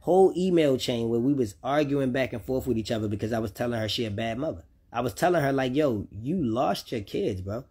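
Talking directly to the audience of his personal vlog, a man rants unscripted about his children, swearing frequently and circling back over the same points in a heated way. His voice is a little high, with a dark tone and a breathy edge.

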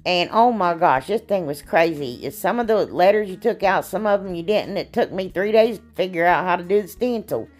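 A woman's voice: fairly low pitch, lively intonation, fairly quick, few pauses, faint music behind. A woman hosting a casual crafting tutorial, chatty and folksy, her voice a little froggy from allergies. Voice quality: chatty, folksy, many "anyway"s and "y'all"s. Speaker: craft channel host.

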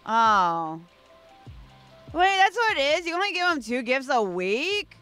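A playful woman streamer chats casually as she plays, often talking straight to the game's characters and laughing at her own slips. Her voice is bright and a little high, and soft music plays behind her. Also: very animated, measured pace. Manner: playful, giggly, talks to the game characters. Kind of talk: casual gameplay commentary. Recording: faint background music.

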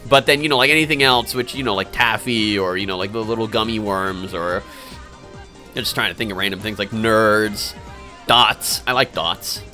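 A man's voice: lowish voice, steady tone, normal speed, sharp tone. A young man live-streaming games, chatting casually and answering viewer questions in a rambling, hesitant way full of fillers and restarts. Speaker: game streamer. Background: faint game music.

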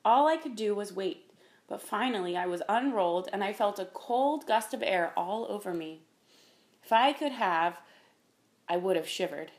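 A female audiobook narrator with a medium-pitched voice reads a children's story in a calm, measured way.

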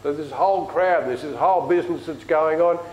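Aussie guy preaching, fairly high voice, chatty, big echoey church. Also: brisk, a little mellow, lo-fi sound, slight background noise. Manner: conversational storytelling preaching. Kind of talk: sermon.

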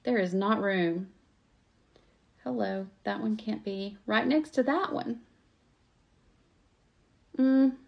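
Here a woman crafts at her table at home and chats through a live tutorial, self-deprecating and calling her audience y'all. Her medium-pitched voice has vocal fry, and she goes slowly with lots of pauses. High frequencies are missing from the sound.

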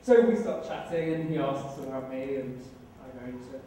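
A British man in his thirties tells a comic personal story to a live audience on stage, wry and self-deprecating. His mid-range, mellow voice stays steady at normal speed with slight background noise, and in the very echoey event room he sounds far off.

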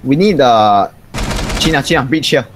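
A man's voice: mid-range voice, expressive, normal speed, noisy background. A man giving urgent, repeated commands to teammates during an online shooter game. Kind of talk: casual gaming chat. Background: game music and gunfire.

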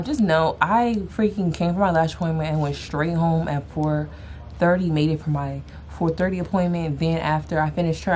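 A woman's voice: sits low, dark tone, a little hiss or hum. A woman from Georgia talking casually to her viewers in a vlog, slangy and chatty, calling them "y'all" and "girl". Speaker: vlogger. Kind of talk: casual vlog chat to camera. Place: in a car, then walking outside. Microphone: handheld camera.

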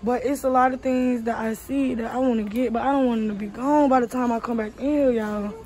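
A woman's voice: fairly high pitch, fairly even intonation, a little fast, mellow, low-quality recording. A young woman, a mother chatting to her viewers on a phone while shopping in a big store. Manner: chatty, addresses viewers as y'all. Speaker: vlogger, mother. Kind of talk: casual vlog while shopping. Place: large store indoors.

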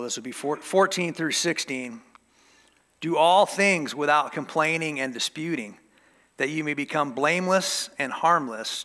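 Bright-voiced pastor in a reverberant hall. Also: male voice, on the high side. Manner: conversational, joking asides to the congregation. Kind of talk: casual sermon teaching. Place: church sanctuary.

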